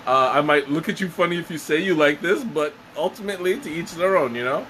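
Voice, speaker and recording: A man casually reviewing a tea on a live stream, halting with many fillers and restarts. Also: a little high, expressive, pushed and bright, slight background noise, poor audio. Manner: hesitant, many fillers and restarts, chuckles often.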